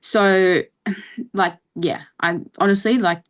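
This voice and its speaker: A young woman talking as a podcast guest, relaxed and plain-spoken, laughing often and saying "like" a lot. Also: medium pitch, slow. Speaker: coaching client guest. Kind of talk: casual interview chat.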